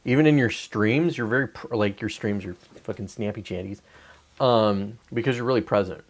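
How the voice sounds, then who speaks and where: A man in his forties hosting a livestream, talking in a loose, rambling, profane way and mocking complainers. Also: normal speed. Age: 40s. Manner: profane, digressive, mocks whiners in high whiny voices. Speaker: livestream host. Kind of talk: casual rambling livestream chat.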